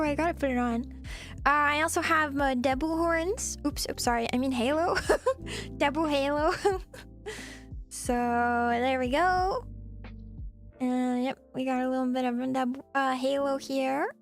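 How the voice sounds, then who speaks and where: High-voiced, giggly woman streamer. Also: moderate pace. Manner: playful and giggly, cutesy teasing. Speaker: VTuber streamer. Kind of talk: casual live-stream chat. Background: faint background music.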